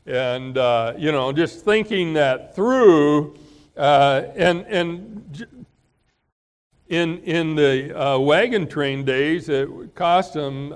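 Slow-spoken man preaching. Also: on the high side. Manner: slow, conversational, clears his throat often. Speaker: pastor. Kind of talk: sermon.

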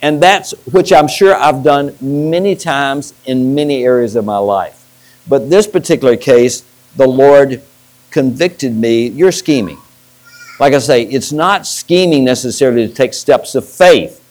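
A man's voice: medium pitch, unhurried, darkish tone, poor audio. A middle-aged man, a pastor, preaching a sermon and telling stories with restarts. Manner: storytelling with restarts and acted-out quotes.

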